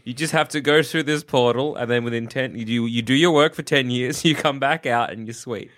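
A man's voice: mid-range voice, a little fast, a bit bright. A man co-hosting a comedy podcast, riffing playfully and laughing often. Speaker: podcast co-host. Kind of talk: casual comedic chat.

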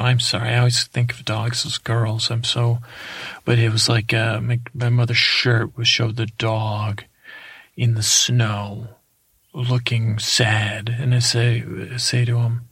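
A man's voice: medium pitch, gravelly, a bit bright, breathy edge, dry recording. A man doing an improvised comedic monologue as a dull tour guide, rambling and hesitant and drifting off topic. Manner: dull, lulling delivery.

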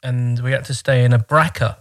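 A man's voice: medium pitch, steady tone, moderate pace. Wry, rambling man in casual chat. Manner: rambling, many fillers, wry.

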